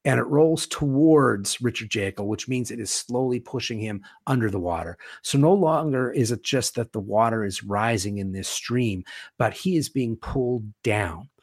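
Gravelly-voiced man retelling a film scene. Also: medium pitch, animated, moderate pace, dry recording, studio quality. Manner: retells film scenes vividly, quoting characters. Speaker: guest, horror author. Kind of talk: animated storytelling in a conversation.

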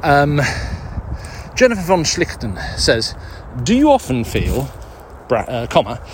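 A man's voice: mid-range voice, huge pitch swings, moderate pace, slight background noise. A man chatting casually and out of breath while walking a dog in the woods, rambling, swearing and mocking himself as he answers listener questions.

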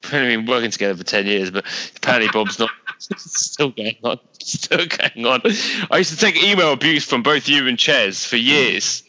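Bright, animated British man. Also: mid-range voice, moderate pace, rough recording. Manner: animated, teasing, laughs often. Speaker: podcast co-host. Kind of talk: casual political chat.

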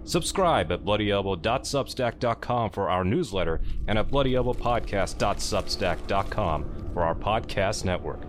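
A man announcing a podcast intro, measured and formal, with a somewhat low voice. A noticeable hiss of noise sits behind him throughout. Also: expressive. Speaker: show announcer.

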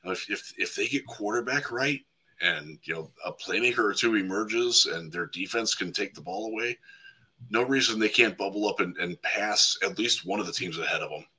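A man chatting casually as a football guest on a podcast, talking in quick loose runs with lots of 'like' and restarts. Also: on the low side, bright, forceful tone, husky, low-quality recording.

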